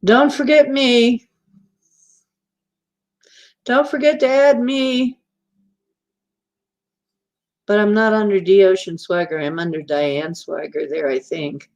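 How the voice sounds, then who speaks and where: A woman's voice: medium pitch, takes it slowly, long pauses, darkish tone. A woman hosting a casual livestream, chatting in a rambling, teasing way and laughing easily. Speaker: livestream host.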